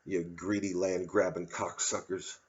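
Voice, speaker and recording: A man's voice: low voice, flat delivery, unhurried, very noisy. Profane, sardonic man ranting. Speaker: comedian doing a solo show. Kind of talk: ranting monologue. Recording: slightly dull lo-fi audio.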